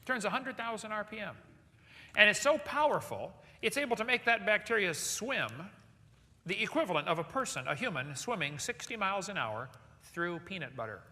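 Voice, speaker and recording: A man giving a lively seminar lecture to a live audience, firing questions at the crowd. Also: high-pitched, normal speed. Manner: animated, asks the audience questions. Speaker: creationist speaker. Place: large hall with audience. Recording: echoey hall recording.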